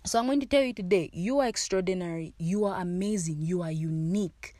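A young woman talks to her listeners in a casual, heartfelt monologue, earnest and encouraging, often repeating a phrase to drive it home. Her voice sits a little low and sounds warm and mellow. The sound is dry and close, with no room in it. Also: fairly quick, no room sound. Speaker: podcast host.

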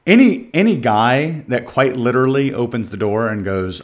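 A man's voice: mid-range voice, expressive, normal speed. Guy just talking casual, matter-of-fact, mid voice. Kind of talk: casual chat.

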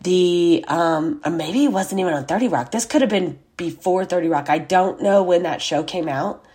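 A woman's voice: fairly low pitch, moderate pace, darkish tone. A woman hosting a podcast, telling a rambling personal story in a chatty, casual way with lots of fillers and asides. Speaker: podcast host.

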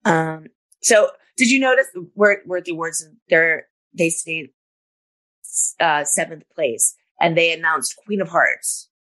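Lower-voiced woman recapping on a podcast. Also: measured pace, fairly bright tone. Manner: recaps events step by step with many "you know" fillers. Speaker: podcast co-host. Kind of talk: casual podcast chat, recapping episodes.

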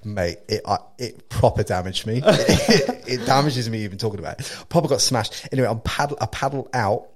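A man in his thirties from England with an English accent, hosting a podcast and telling a story in casual, animated chat, laughing often and swearing freely. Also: mid-range voice, a little fast, few pauses. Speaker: podcast host.

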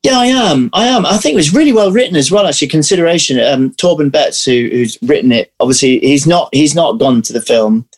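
A man, an actor, chatting in an interview, telling lively stories and restarting his sentences often. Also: on the high side, fairly quick, hardly any pauses. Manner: animated storyteller, restarts often. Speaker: actor guest. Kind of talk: casual interview chat.

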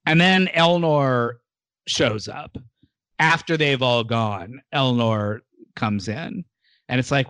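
A man's voice: mid-range voice, takes it slowly, no room sound. A man hosting a casual podcast chat, recapping an episode and acting out the characters' lines. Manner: animated storyteller, acts out characters' lines. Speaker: podcast host.

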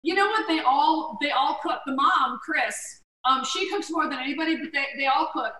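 A middle-aged woman comedian, a guest, telling animated stories in a casual chat in a home kitchen, acting out the voices of people she quotes. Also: high-pitched, normal speed, far from the mic. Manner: animated storyteller who acts out quoted voices. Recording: roomy, from off the mic.

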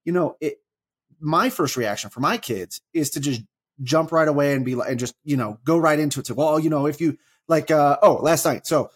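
A husky-voiced man in his thirties tells family stories on a faith podcast. His voice sits a little high and gets lively as the story builds, and he often restarts his sentences. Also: fairly quick. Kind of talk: casual faith podcast chat.

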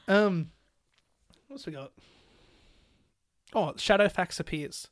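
A podcast co-host in a casual film chat, talking fast with lots of "like" fillers and acting out quoted lines from scenes. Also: mid-range voice, slight background noise. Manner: animated, full of "like" fillers, laughs while retelling scenes.

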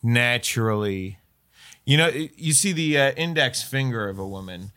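Lively, bright-voiced deadpan comedian, man. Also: medium pitch, moderate pace. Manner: deadpan ironic, trolling bits. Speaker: podcast co-host, comedian. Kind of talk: casual comedy podcast chat.

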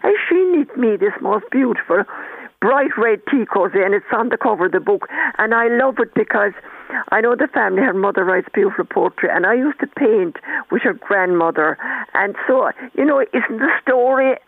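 A woman's voice: medium pitch, normal speed, gravelly, no room sound. Older woman author, rambling anecdotal manner, dry close phone-line sound. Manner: chatty, rambling, warm storyteller with frequent restarts. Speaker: author guest. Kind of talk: storytelling in a radio interview.

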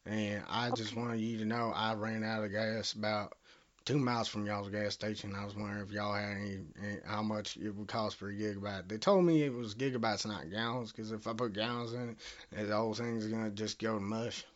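A man's voice: on the low side, fairly even intonation, a little fast. A man with a Southern US accent making a prank phone call, rambling, bumbling and cursing as he talks. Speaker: prank caller.

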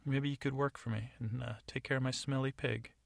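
A man's voice: medium pitch, steady tone, brisk, vocal fry, dry recording, pitched above the performer's own voice, natural voice. A man voicing a scheming, imperious middle-aged stepmother in a storybook, close to his own voice. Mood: haughty.

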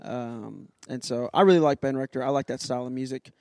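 A man's voice: mid-range voice, fairly quick, gravelly, dark tone, no room sound, studio quality. A man who plays music at a church, chatting on a podcast in an upbeat, scattered way that jumps between topics. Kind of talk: casual chat. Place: sound booth inside a church sanctuary.

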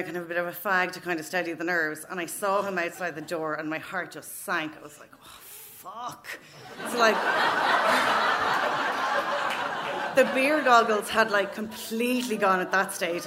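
A woman in her thirties with an Irish accent tells a funny story at a live open mic night, speaking frankly and swearing freely. Her voice is medium-pitched at a normal speed, captured in a noisy live venue recording.

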